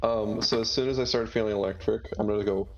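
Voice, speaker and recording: A man playing a tabletop game, laid-back and halting as he speaks. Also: fairly low pitch, fairly even intonation, highs cut off, crowd noise. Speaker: player. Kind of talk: casual tabletop play.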